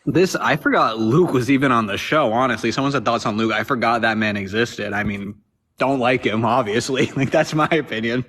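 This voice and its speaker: A man chatting casually on a livestream, quick to laugh and react. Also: mid-range voice, fairly bright tone. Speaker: livestream guest.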